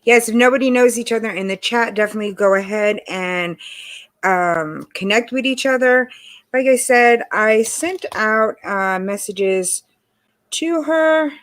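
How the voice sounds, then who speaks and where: A woman hosting a casual livestream, chatty and greeting viewers by name, her voice hoarse from allergies. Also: fairly high pitch, unhurried, fairly bright tone. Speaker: livestream host. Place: home in Texas.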